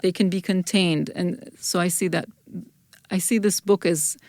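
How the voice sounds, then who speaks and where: Woman guest on a podcast: low, a bit gravelly, thoughtful and unhurried. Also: fairly even intonation, darkish tone, dry recording, clean studio sound. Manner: thoughtful, measured, with restarts. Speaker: guest scholar, folklorist and anthropologist. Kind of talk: podcast interview answers.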